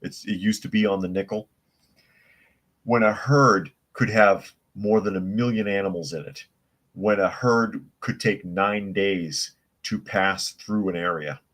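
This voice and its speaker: A man's voice: on the low side, unhurried, a bit bright. A man hosting a live news podcast, reading articles and chat comments aloud and answering them with blunt, scoffing opinions. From United States.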